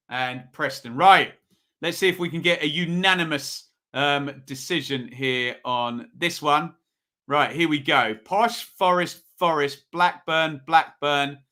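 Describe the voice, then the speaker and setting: In casual live-stream commentary, a man hosting a football review show reads out viewer votes and comments, chatty and sometimes pleading. His voice is on the high side with a sharp tone.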